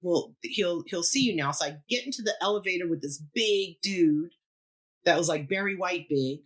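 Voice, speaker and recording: A woman's voice: on the low side, normal speed. A middle-aged woman, a keyboardist guest on a podcast, telling a story in casual chat, laughing often and acting out what people said. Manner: animated, laughs often, acts out quoted voices.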